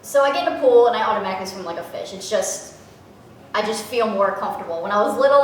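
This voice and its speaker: A young woman from Louisiana, excitedly unboxing a package and gushing and gasping in delight. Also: mid-range voice, slight background noise. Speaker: vlogger. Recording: echoey room, from a distance.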